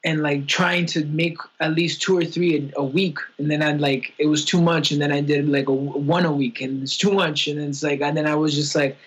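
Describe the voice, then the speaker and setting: A young man with a husky, slightly raised voice rambles through a casual podcast chat. He talks candidly about his feelings, piling on fillers and restarts. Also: on the high side, steady tone, fairly quick, hardly any pauses, rough recording.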